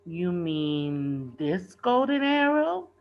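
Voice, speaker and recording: A woman's voice: fairly low pitch, big pitch swings, extremely slow, lo-fi sound, exaggerated voice. A woman reading a play aloud, voicing a clever, sly female frog under a spell.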